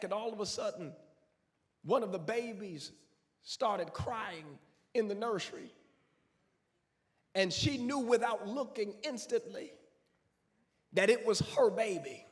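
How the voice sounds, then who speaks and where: A male pastor preaching a sermon dramatically, swinging from hushed tones to shouts. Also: high-pitched, slow, pauses often. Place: church sanctuary. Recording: long church reverb.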